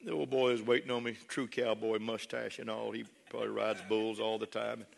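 A man preaching a sermon as a pastor, switching between loud shouted praise and soft folksy storytelling. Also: fairly low pitch, level tone, fairly quick, vocal fry. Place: large church hall with congregation. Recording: long hall reverb with faint crowd.

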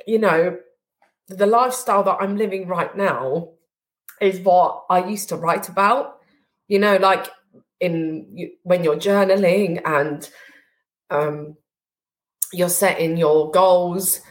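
A woman who runs a business, speaking as a podcast guest, emotional and halting, with many fillers. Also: lowish voice, fairly even intonation. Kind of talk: casual interview chat.

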